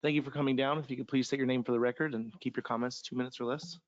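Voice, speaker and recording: A man's voice: mid-range voice, steady tone, racing. A man chairing a public meeting, brief and polite as he calls up speakers. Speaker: commission chairman. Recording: dull lo-fi meeting audio.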